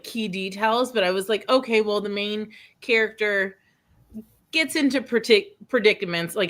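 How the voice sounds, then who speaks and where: A woman in her thirties hosting a casual chat, rambling through a personal story with lots of fillers and restarts. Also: medium pitch. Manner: rambling storyteller, animated, quick laughs. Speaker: host.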